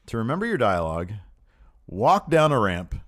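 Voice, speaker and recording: A man co-hosting a wrestling review podcast in casual chat, animated and laughing often, acting out what the wrestlers said. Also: mid-range voice, moderate pace. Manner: animated, acts out quoted lines. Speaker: podcast co-host.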